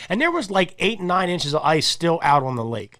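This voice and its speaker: A man with a slightly high voice spins a rambling, animated yarn, stumbling over repeated words and chuckling as he goes. He speaks close to the mic in a dry, dead room. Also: a little fast, dry recording. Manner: rambling, animated storyteller, repeats words, laughs while talking. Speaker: podcast host. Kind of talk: casual chat.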